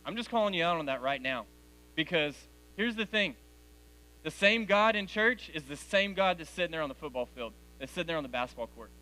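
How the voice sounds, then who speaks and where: A forties-aged youth speaker preaches to teenagers in a church hall, calling them "guys" in a direct, conversational manner. He talks briskly in a slightly high, sharp voice with lively intonation.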